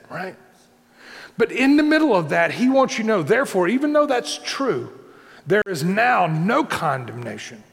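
A man's voice: high-pitched, creaky. A man preaching a sermon in a conversational way, repeating his points and checking in with the congregation. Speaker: pastor. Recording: long hall reverb.

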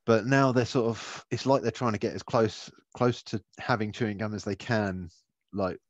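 A man's voice: lowish voice, steady tone, moderate pace, dry recording, lo-fi sound. A man co-hosting a podcast in casual chat, laid-back and swearing, laughing often. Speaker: podcast co-host.

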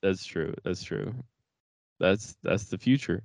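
Deep-voiced laid-back guy. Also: slow, gravelly, darkish tone, no echo, clean studio sound. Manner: laid-back, swears often, lots of fillers and restarts. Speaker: podcast co-host. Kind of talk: casual chat.

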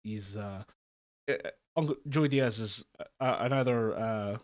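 A man with a voice on the low side speaks at a measured pace while co-hosting a podcast remotely through a call mic. His casual chat wanders, full of fillers and laughter.

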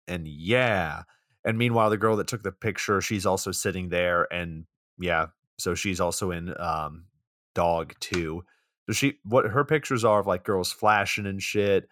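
Low, dry-voiced man recapping a movie. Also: measured pace, fairly bright tone, dry recording. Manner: dry, profane plot-summarizing. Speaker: podcast co-host.

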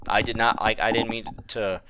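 A man retelling a story and quoting a tearful older male boss who apologizes softly. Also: fairly low pitch, flat delivery, normal speed, a little hiss or hum. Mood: apologetic.

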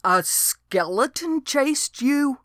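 Woman doing an excitable rural old man. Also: high voice, slow, dry recording, studio quality, voice pushed up, full character voice. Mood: astonished.

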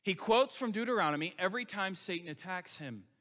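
A man's voice: high voice, lively intonation, fairly quick, hardly any pauses, a bit bright, big-room sound. A male pastor preaching a sermon in an emphatic, conversational way, full of rhetorical questions.

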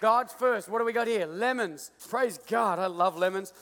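A man with an Australian accent preaching a sermon with playful jokes and an animated stage illustration in a large church auditorium. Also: high-pitched, moderate pace, long reverb tail. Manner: playful, joking, animated with the crowd. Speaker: pastor.

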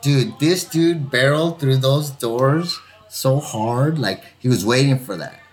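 A man's voice: medium pitch, measured pace. A man telling a rambling bar story in casual chat, swearing often and acting out the people in it. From Southern California. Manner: animated, swearing, acts out the people in his stories.

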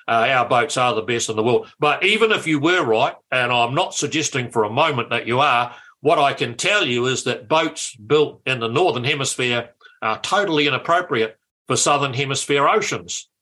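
A man putting on a boastful male naval admiral who pitches hard like a salesman. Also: moderate pace, pushed and bright. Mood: defensive. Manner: hard-selling, brash.

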